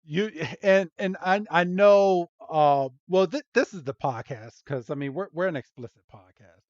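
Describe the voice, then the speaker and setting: A podcast host man retells a story in casual chat, slowly, with many ums and frequent giggles. His voice is clear and smooth, a little higher than most men's. The sound is dry and dull, like lo-fi podcast audio. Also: no echo.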